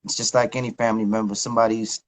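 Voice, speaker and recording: A man's voice: lowish voice, level tone, rapid-fire, rough recording. A middle-aged man talking as a guest in a casual interview, candid and reflective, with slangy speech. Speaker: guest, recording artist.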